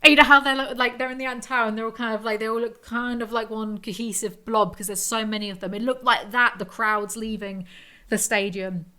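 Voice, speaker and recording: A woman hosting a podcast, telling a story in a rambling, animated, self-mocking way. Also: a little high, fairly quick. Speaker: podcast host. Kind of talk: casual storytelling monologue.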